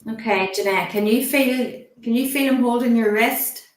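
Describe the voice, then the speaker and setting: A woman working as a medium, talking haltingly and gently reassuring the sitter, often asking permission. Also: fairly high pitch. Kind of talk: live mediumship demonstration. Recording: roomy echo.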